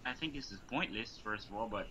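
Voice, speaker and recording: A young man co-hosting a casual fan podcast, talking in halting bursts that restart mid-phrase. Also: on the low side, animated, sharp tone, slight background noise. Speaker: podcast co-host. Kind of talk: casual chat. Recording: dull lo-fi audio.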